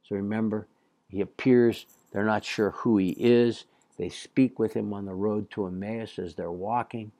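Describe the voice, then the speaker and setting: Guy going over latin homework, talks slow and patient, dry close sound. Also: fairly low pitch, steady tone, mellow, no room sound. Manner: slow, patient explaining with fillers. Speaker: Latin teacher. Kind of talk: classroom lecture, reading and translating Latin.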